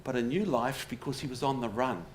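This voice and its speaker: With audience laughter and faint room noise behind him, a man at medium pitch talks fairly quickly in a public lecture at a pub, spinning stories with wry humour and rhetorical questions.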